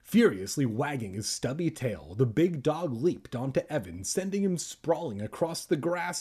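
A man's voice: fairly high pitch, big pitch swings, moderate pace, hardly any pauses, darkish tone, breathy edge. A young man reading a children's book aloud for laughs, breaking off into crude, self-deprecating jokes. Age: young adult. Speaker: reader and comedian.

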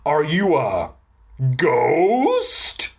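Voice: mid-range voice, wildly swooping pitch, very slow, gravelly, darkish tone, breathy edge, exaggerated voice. A reader voicing a nervous twelve-year-old boy who stammers in panic. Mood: panicky. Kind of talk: audiobook reading.

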